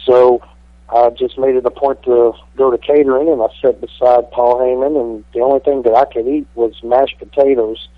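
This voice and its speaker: A man's voice: medium pitch, little pitch movement, normal speed, dry recording. Brash man on a tinny phone line. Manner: brash, swaggering, heavy cursing. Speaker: pro wrestler guest. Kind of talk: profane interview storytelling.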